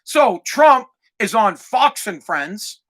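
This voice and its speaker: A man hosting his own podcast, ranting crudely and excitably with lots of swearing. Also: high-pitched, slow pace. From United States. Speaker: podcast host. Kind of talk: profane ranting monologue.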